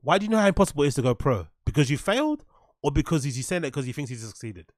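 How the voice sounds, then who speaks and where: A man's voice: fairly high pitch, sing-song, racing, dry recording, studio quality. A man reacting to podcast clips with sarcastic, mocking commentary, swearing and answering his chat. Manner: sarcastic, swears a lot, reads chat aloud. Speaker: commentary streamer.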